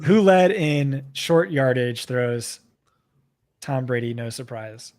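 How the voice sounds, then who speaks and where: A man with a New Jersey accent co-hosting a live stream, talking quickly and casually with lots of fillers. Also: mid-range voice, expressive, darkish tone. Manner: quick, chatty, full of fillers. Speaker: co-host presenting a data tool.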